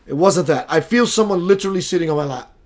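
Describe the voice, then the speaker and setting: A middle-aged man hosting a spiritual live show, telling stories in a lively way, acting out the voices he quotes, and greeting viewers by name. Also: fairly high pitch, quick pace. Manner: animated storyteller, acts out quoted voices, reads out viewer names. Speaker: spiritual talk show host. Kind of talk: casual live-stream monologue.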